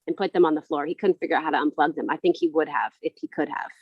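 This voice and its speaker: A woman's voice: deep voice, racing, breathy edge, dry recording, highs cut off. A middle-aged woman from a Southern California valley, co-hosting a casual chat in a bubbly, chatty way full of "like"s. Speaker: co-host.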